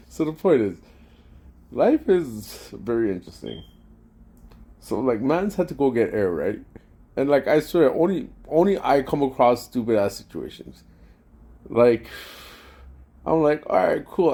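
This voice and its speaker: A man telling a rambling, profane story in a casual vlog rant, full of slang and excited outbursts. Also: mid-range voice, gravelly, slightly rough. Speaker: vlogger.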